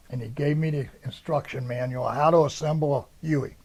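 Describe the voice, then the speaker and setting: A man's voice: mid-range voice, brisk, few pauses, darkish tone, slightly rough. An older American man, a Marine veteran, recounting his service in a rambling, anecdotal way and acting out the voices of the people he quotes. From United States. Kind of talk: oral history interview.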